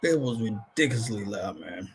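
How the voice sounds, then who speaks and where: A man's voice: lowish voice, animated, moderate pace. A man hosting a live wrestling stream, chatting casually and reading out viewer comments, dropping "man" into nearly every sentence. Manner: laid-back, says "man" constantly, breaks into laughter.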